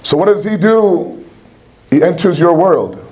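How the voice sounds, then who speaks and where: A man's voice: high voice, lively intonation, unhurried, warm tone. A man giving a religious lecture in a conversational way, with rhetorical questions and humor. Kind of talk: sermon-style lecture.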